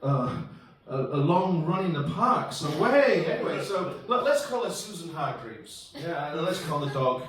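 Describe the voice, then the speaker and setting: A man's voice: a little high, big pitch swings, normal speed, few pauses. A man doing stand-up comedy in a pub, rambling and self-deprecating as he acts out bits of dialogue. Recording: roomy echo from far off.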